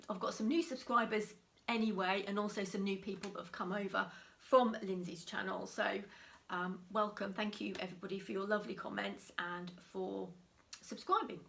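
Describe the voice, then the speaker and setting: Chatty woman crafter. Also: mid-range voice. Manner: chatty, self-deprecating, frequent ums and soft laughs. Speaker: craft channel host. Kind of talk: casual chat.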